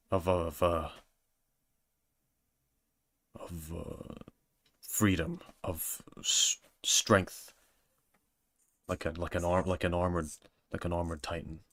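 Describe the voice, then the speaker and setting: A man's voice: deep voice, fairly bright tone, no echo. A man doing an earnest young soldier. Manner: earnest, halting pep talk. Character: earnest young male soldier giving a pep talk.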